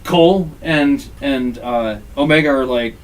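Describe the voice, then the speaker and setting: A man hosting a podcast recaps a wrestling game in an unhurried, medium-pitched voice, recorded from afar with a little hiss or hum. He swears freely and animatedly acts out quotes as he casually tells the story.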